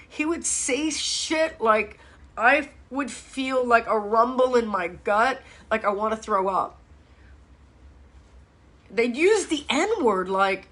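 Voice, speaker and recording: A woman's voice: fairly high pitch, fairly bright tone. A middle-aged woman from hosts a live-stream chat, talking bluntly, swearing often and ranting with strong feeling. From Miami, USA. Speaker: fitness host.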